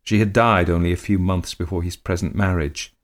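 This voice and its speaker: A man reading a period story aloud in measured, dramatic scripted narration. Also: low-pitched, steady tone.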